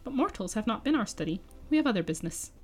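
A woman's voice: fairly high pitch, sing-song, quick pace, darkish tone, husky. A woman reading the lines of a haughty male elf who teases with condescending snark. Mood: teasing.

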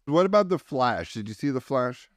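A man's voice: medium pitch, very animated, normal speed, no room sound, clean studio sound. A man hosting a comedy podcast, playing the exasperated straight man to his co-hosts. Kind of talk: sketch comedy podcast banter.

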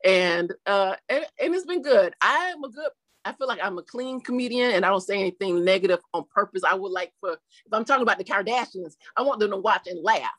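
A middle-aged woman, a YouTube comedian, answering interview questions in an animated way, laughing often and acting out quotes in different voices. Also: medium pitch, fairly quick, no room sound.

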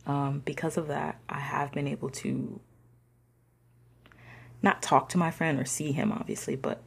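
A young woman telling a personal story in a slangy, conversational way, sometimes dropping into soft whispers. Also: sits low, little pitch movement, measured pace, gravelly, breathy edge. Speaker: discussion participant.

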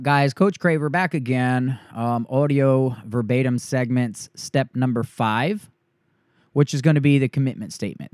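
Working as a sales coach, a man goes through a sales script line by line and acts out the pitch he delivers to a homeowner. His tone is darkish, on a dry, studio-quality recording.

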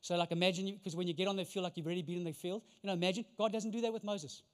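A man's voice: sits high, steady tone, rapid-fire. A man preaching a sermon as pastor, emphatic and full of rhetorical questions. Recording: long reverb of a large hall.

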